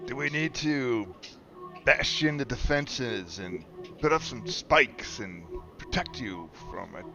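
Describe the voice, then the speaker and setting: A man's voice: medium pitch, expressive, takes it slowly, muffled recording. A man playing a tabletop game, asking questions in an inquisitive way over background music. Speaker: player.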